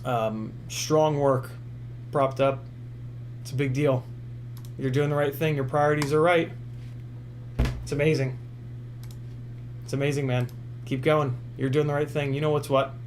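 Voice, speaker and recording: This is a man hosting a casual live stream, working through viewer comments one by one. He sounds earnest and encouraging, filling his pauses with plenty of ums and uhs. His voice sits at an ordinary middle pitch over a faint hum. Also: fairly even intonation. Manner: earnest, encouraging, many fillers. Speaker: streamer reading chat.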